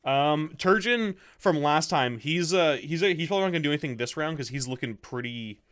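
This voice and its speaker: A man's voice: on the high side, lively intonation, a little fast, fairly bright tone, no echo, studio quality. A man running a tabletop role-playing game as game master, describing the scene and rules with many fillers and asides to himself. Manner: many fillers, mutters to himself while setting things up.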